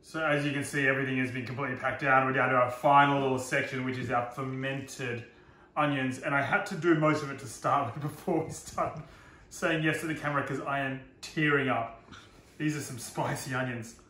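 A man's voice: mid-range voice, fairly even intonation, a little fast, bright, forceful tone. A man, a chef giving a chatty, self-deprecating live cooking demonstration from a kitchen. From Australia. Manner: chatty, self-deprecating, laughs at own slips. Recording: roomy echo, faint noise.

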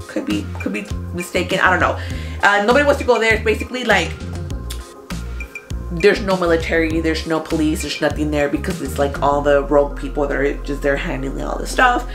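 A woman's voice: low voice, fairly quick, music in the background. A young woman chatting casually to her viewers as she recaps the movies she watched, full of fillers. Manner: chatty, filler-heavy, talks straight to viewers. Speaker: movie review vlogger.

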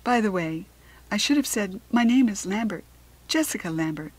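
A courteous, well-spoken lady author from a storybook, as a woman reads her part. She talks in a polite, slightly apologetic way. The voice is soft and breathy. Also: mid-range voice, animated, moderate pace, natural voice.

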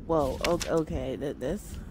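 A young woman streams a horror game as let's-play commentary, chatty and jumpy, talking both to the game and to her viewers. Her voice is low-pitched and a little slow, with background noise present.

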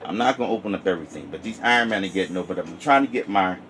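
A man's voice: low voice, expressive, very fast, fairly bright tone, slight background noise. A man casually chatting through a toy review vlog, rambling and heartfelt. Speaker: toy collector vlogger.

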